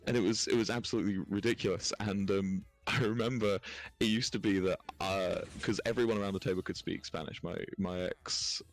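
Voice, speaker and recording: Gravelly English man telling rambling stories. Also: deep voice, fairly even intonation, brisk. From England. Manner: rambling storyteller, swears, laughs often. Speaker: streamer. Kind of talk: casual chat.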